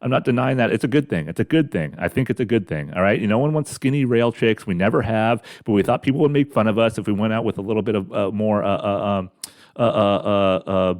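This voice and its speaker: A middle-aged podcast host grumbles through a profane, rambling comedic rant, speaking carefully because he has just had mouth surgery. His voice is lowish and a little mellow, and he talks fast.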